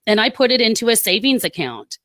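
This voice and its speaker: A woman's voice: a little high, big pitch swings, a bit bright, no echo. Woman, earnest storyteller, podcast guest, dry close sound. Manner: earnest storytelling, quick asides. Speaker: guest, military spouse advocate. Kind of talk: podcast interview.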